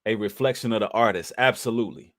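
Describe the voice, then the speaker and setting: A man's voice: fairly low pitch, fast. Emphatic preacherly man hosting a livestream. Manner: emphatic, preacherly, addresses audience as brothers and sisters; casual slang with occasional cursing. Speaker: livestream host.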